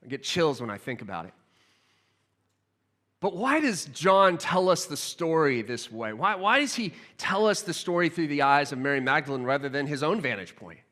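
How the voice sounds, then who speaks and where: Male pastor, sermon, high bright voice, expressive storytelling, hushed to excited. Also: moderate pace, big-room sound.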